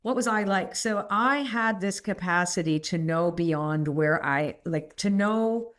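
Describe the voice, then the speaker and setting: A middle-aged woman, a podcast guest, telling personal stories in a rambling, animated way and laughing often. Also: fairly low pitch, unhurried. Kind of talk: candid storytelling interview.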